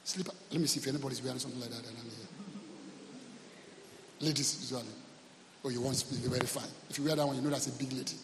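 A man preaching a sermon as pastor, animated, acting out quotes and calling out to the congregation. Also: mid-range voice, fast talker, vocal fry, long pauses, background noise. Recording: long hall reverb.

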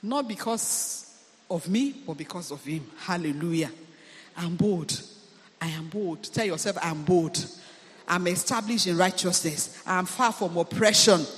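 A man's voice: sits high, a little slow, fairly bright tone. Man, preacher, emphatic and repetitive, long reverberant hall. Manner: emphatic, repeats phrases, calls hallelujah. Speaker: preacher, deliverance minister. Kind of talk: sermon.

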